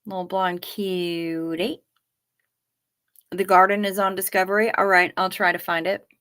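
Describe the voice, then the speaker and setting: A woman's voice: lowish voice, flat delivery, a little slow, fairly bright tone, clean tone. Sleepy woman chatting on a livestream. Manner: chatty, reading out viewer comments, yawning. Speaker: livestream host. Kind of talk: late-night casual livestream chat with viewers.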